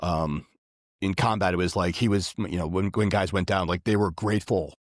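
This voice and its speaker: Deep-voiced man talking casually. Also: steady tone, moderate pace, no room sound, studio quality. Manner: rambling, filler-heavy, earnest. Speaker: podcast guest. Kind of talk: casual conversation.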